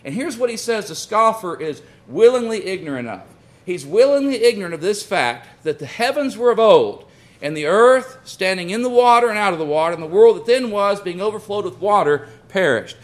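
A pastor with a high, light male voice preaches to his congregation. He tells homely stories and swings between quiet asides and forceful emphasis. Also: expressive, fairly quick. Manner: folksy storytelling, addresses the congregation as friends. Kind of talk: sermon.

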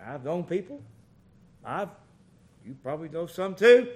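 A middle-aged man preaching a sermon, folksy and animated, telling stories with big swings in loudness. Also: fairly high pitch, unhurried.

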